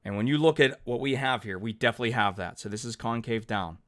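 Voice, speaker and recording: At a quick pace and in a medium-pitched, fairly bright voice, a man narrates calculus on a digital whiteboard. As a chatty, upbeat math teacher, he talks through his thinking and corrects himself with every step he writes.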